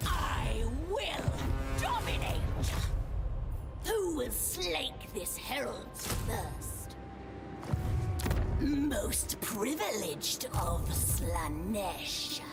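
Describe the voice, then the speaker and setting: A woman's voice: fairly high pitch, big pitch swings, drawn-out words, creaky, exaggerated voice. A woman voicing a haughty female daemon herald in a video game, making grand, commanding proclamations. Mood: imperious. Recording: game audio with loud music.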